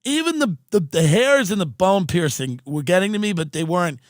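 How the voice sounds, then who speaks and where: Podcast host, man, rambling comic storyteller, slightly high voice, dry close mic. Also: expressive, a little fast, dry recording. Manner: rambling, wry, acts out quoted voices. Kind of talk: comedic storytelling.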